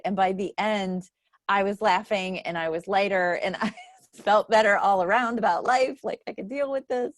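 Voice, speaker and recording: A woman's voice: mid-range voice, dry recording. A woman hosting a book club, telling casual stories and laughing often. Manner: chatty storyteller who laughs often. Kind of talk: casual chat.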